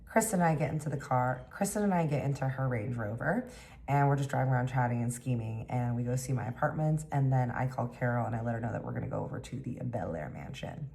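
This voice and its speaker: Very low-voiced chatty woman storyteller. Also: fast talker, creaky, warm tone. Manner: chatty, acts out dialogue with lots of "like". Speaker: storytime vlogger. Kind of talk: casual storytelling.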